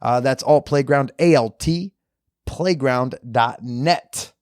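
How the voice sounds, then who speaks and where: A man hosting a podcast, doing casual ad reads and fan shout-outs in a jokey, off-the-cuff way with crude humor. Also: mid-range voice, slow pace, clean tone, dry recording, clean studio sound. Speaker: podcast host.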